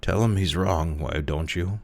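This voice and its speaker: A man's voice: measured pace, gravelly. A man reading aloud voices a querulous old man, newborn in body but seventy in age, with a cracked, ancient, whining voice. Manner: complaining, shrill when protesting.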